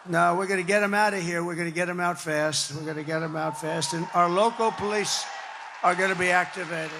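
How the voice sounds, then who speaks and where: An older man from the New York area holds forth at a campaign rally, his voice high-set for a man, with a rough, gravelly edge. He rambles and repeats lines for emphasis. His words ring out with the long reverb of a big hall. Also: steady tone, fairly quick, noisy background. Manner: repetitive, emphatic, rambling and conversational. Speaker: political speaker. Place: large hall before a crowd.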